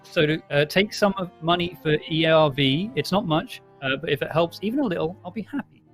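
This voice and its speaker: A man's voice: fairly high pitch, animated, a little fast, soft background music. A man hosting a live stream, chattily thanking viewers and reading out their donation messages. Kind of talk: casual stream chat.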